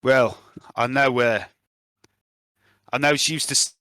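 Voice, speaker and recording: A man voicing a gruff, guarded male mercenary in a put-on South African accent, talking with a hesitant drawl. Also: mid-range voice, unhurried, bright, forceful tone, no room sound, studio quality. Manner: hesitant, filler-heavy drawl.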